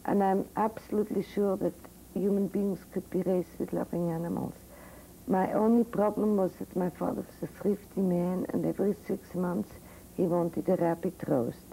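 Speaking at normal speed in a lowish, warm voice with vocal fry and fairly even intonation, an older psychiatrist from Switzerland tells medical students a personal story, frank and vivid. The low-quality audio comes from an old 1982 recording with faint hiss.

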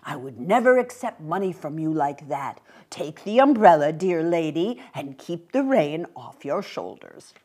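A woman voicing a polite little old gentleman who speaks in a courtly, gracious way. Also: deep voice, very animated, a little slow, few pauses, husky, full character voice.

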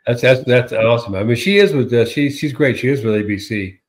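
A man co-hosts a casual political talk show in an animated, sarcastic manner. He piles up repeated words and slips into mocking quotes. His voice sits at an ordinary middle pitch. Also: fairly quick. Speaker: co-host.

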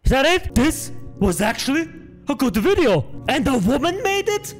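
A man reacting live to a horror video, excitable, joking and swearing, often yelling. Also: extremely high pitch, moderate pace, faint music behind.

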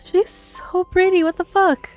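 Gushing over a K-pop video she is reacting to, a woman exclaims, chatters casually and laughs often. Her voice is very high-pitched with little pitch movement, at a measured pace. Soft background music and the show's audio play beneath her.

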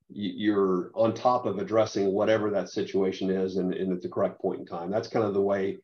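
A man who coaches soccer, speaking haltingly with many restarts in a webinar discussion. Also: deep voice. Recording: muffled lo-fi audio.

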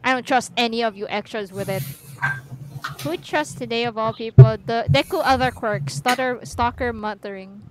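A woman's voice: fairly high pitch, moderate pace, music in the background, close to an everyday voice, poor audio. A woman voicing a brash, foul-mouthed teen hero girl who is bossy and scornful in an amateur voice-acted podcast skit. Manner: brusque, swears, scoffs at others. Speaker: fan voice actor.

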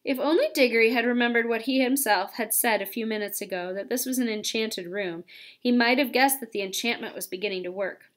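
A woman reading a children's novel aloud with expressive, lively storytelling. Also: on the high side, fairly quick. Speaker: audiobook reader.

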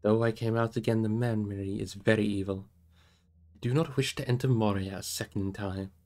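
A man reading aloud voices a weary male ranger who speaks quietly and heavily. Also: steady tone, brisk, close to an everyday voice. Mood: grave. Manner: low, heavy, quiet. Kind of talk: audiobook reading.

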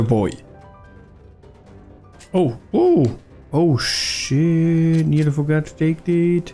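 Male gamer streamer, excitable, lively swooping voice, fairly high. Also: drawn-out words, long pauses, soft background music. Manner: excitable, swears, laughs often. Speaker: gaming YouTuber. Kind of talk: gameplay commentary.

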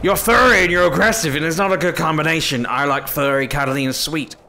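A man's voice: fairly high pitch, fairly quick, bright, forceful tone, slight background noise. A man giving comedic let's-play commentary, scolding and fussing over an in-game companion in an exasperated way. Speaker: gaming YouTuber.

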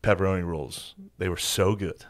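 Low-voiced man telling a profane story. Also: steady tone, normal speed, no echo. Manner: profane, rambling anecdote with put-on quotes. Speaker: podcast co-host. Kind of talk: casual storytelling chat.

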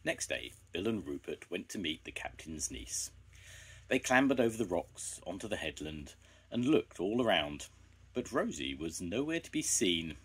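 An older man reading a children's story aloud, gentle and expressive. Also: sits low, moderate pace, slightly rough.

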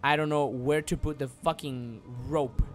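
A man's voice: a little high, steady tone, measured pace. A man streaming live gameplay, frustrated, swearing and repeating himself as he talks through the game.

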